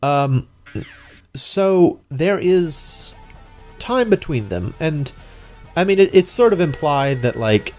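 Casting note: young male gameplay commentator, excitable and rambling, faint music underneath. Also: fairly high pitch, slow, pauses often. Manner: chatty, excitable, many restarts and fillers. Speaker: let's play host.

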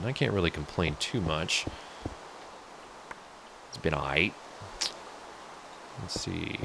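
Deep gravelly let's-play guy. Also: expressive, slow pace, long pauses, pushed and bright, slight background noise. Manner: chatty, jokey, talks to viewers. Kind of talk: casual gameplay commentary.

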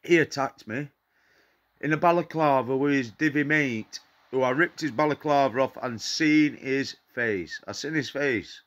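A man's voice: medium pitch, unhurried, fairly bright tone. A man with a Nottinghamshire accent, a paranormal vlogger, ranting to camera in an indignant, repetitive and defiant way. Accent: Nottinghamshire English. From England. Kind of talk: angry direct-to-camera rant.

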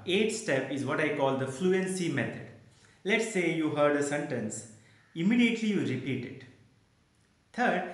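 A man's voice: a little high, fairly bright tone. A man with an Indian English accent giving earnest, step-by-step speaking advice, often asking rhetorical questions. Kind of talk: motivational speaking lesson. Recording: very echoey room.

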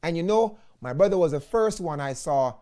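A man with a Jamaican accent, an evangelist preaching a sermon in an animated way, often calling his listeners "friends". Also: a little high, moderate pace.

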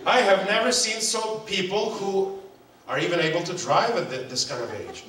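A man preaching at a seminar, animated, breaking into loud mock calls and quizzing his audience. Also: high-pitched, moderate pace, slight background noise. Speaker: seminar speaker. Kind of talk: sermon. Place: hotel hall. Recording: very echoey hall, mic far off.

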